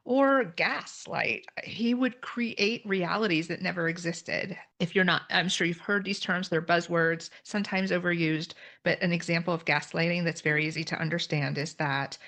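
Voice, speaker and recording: A woman's voice: fairly low pitch, fairly bright tone. A middle-aged woman telling her own story as a podcast guest, candid and earnest, explaining terms with plain examples. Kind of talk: personal story in a podcast conversation.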